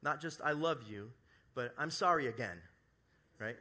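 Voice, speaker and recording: A man preaching a sermon as pastor at a church service, acting out sample apologies and moving between loud emphasis and soft, hushed lines. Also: medium pitch, lively intonation, moderate pace, pauses often. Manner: acts out quoted apologies in his own voice.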